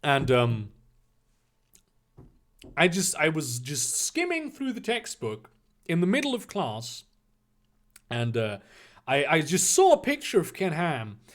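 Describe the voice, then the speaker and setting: A man's voice: fairly high pitch, huge pitch swings, slow pace, pauses often. Profane, rambling man reading aloud. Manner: profane, rambling, laughing asides. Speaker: comedic reader. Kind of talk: comedic reading with live asides.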